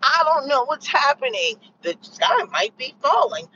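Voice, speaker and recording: A woman's voice: high voice, wildly swooping pitch, unhurried, sharp tone, dull audio, slight background noise. A woman giving her opinions in a casual, rambling vlog, sarcastic and full of fillers, seemingly recorded in a car. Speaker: vlogger sharing opinions.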